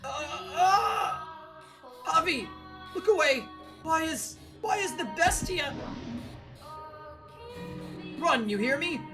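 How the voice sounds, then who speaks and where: A woman voicing a terrified young village boy, high and crying, over game music. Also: animated, slow pace, long pauses, heavily acted, poor audio. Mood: panicked. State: panicked.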